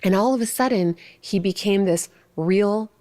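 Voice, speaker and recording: A middle-aged woman co-hosting a podcast, telling a story in a chatty, animated way, with many "like" and "you know" fillers. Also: mid-range voice, moderate pace. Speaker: podcast co-host. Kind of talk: casual conversational storytelling.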